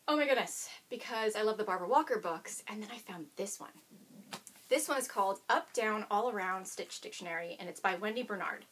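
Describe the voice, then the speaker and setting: A woman's voice: mid-range voice, a bit bright, husky. A woman hosting a knitting video podcast, chatting casually and bubbly to the camera and talking to her dog now and then.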